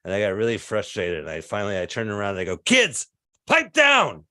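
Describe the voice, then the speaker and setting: Man, fifties, stand-up comic, deadpan one-liners, dry close sound. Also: sits low, very fast, smooth, no room sound. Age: 50s. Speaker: stand-up comedian. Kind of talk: stand-up set. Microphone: video call.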